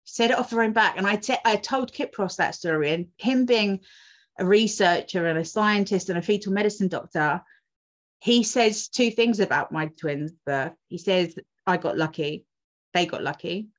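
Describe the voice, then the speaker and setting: A woman's voice: medium pitch, normal speed. A woman, a twin mother and doula, telling a personal story in casual conversation, emotional and full of restarts. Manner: emotional, rambling with many restarts. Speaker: podcast guest, twin mum and doula. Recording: dull lo-fi audio.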